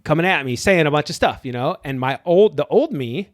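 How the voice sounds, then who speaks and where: Therapist guy chatting on a podcast, kinda high voice, animated, swears here and there, dry sound. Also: brisk, no echo. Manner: animated, acts out quoted people, swears casually. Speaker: therapist guest. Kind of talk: casual podcast conversation.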